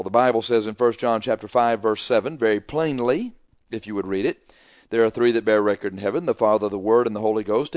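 A man delivers a radio sermon as a pastor, telling a story of a doctrinal dispute with mounting emphasis. His speech is plain and forceful, recorded close and dry with no room sound. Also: mid-range voice, no echo. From Texas. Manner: emphatic, retells arguments with rising heat.

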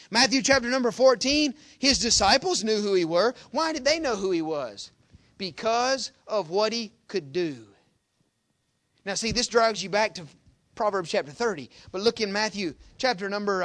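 A man preaching a sermon in a folksy manner, reading scripture loudly and dropping to quiet asides. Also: high voice.

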